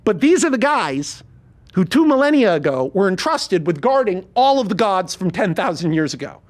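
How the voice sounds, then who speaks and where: A podcast host and screenwriter chatting casually, pitching a movie in an animated, swearing rush. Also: male voice. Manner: rapid, animated, swears freely.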